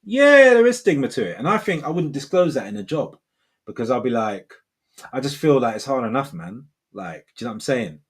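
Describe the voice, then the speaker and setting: Very animated and fairly quick, a husky, medium-pitched man in his forties runs a livestream, chatting loosely and responding to viewer comments. His laid-back rambling is full of "man" and "bro."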